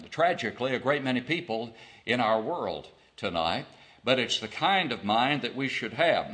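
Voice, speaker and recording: Bright-voiced male preacher. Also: mid-range voice. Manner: deliberate, asks rhetorical questions. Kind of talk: expository sermon.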